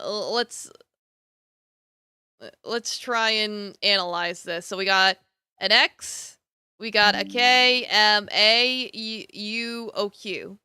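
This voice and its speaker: Bright-voiced young woman streamer. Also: a little high, clean tone, no echo, clean studio sound. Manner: chatty, bemused, thinking aloud with restarts. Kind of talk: casual gameplay commentary.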